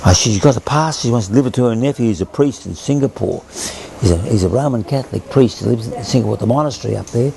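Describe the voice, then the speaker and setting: A man's voice: medium pitch, racing, gravelly, few pauses, noisy background. An older Australian man, a former sailor, rambles through an oral history story, repeating himself and acting out the voices he quotes.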